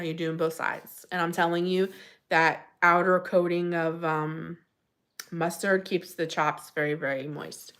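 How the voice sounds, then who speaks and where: A woman's voice: on the low side, clear, resonant tone. A woman hosting a casual live stream, chatting and gushing as she answers viewers by name. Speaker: livestream host.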